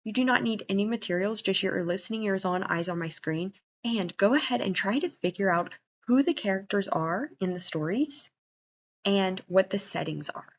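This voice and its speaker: Gentle woman teacher, encouraging, online class, dull lo-fi sound. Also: medium pitch, normal speed. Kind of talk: online reading lesson for young children. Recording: muffled lo-fi recording.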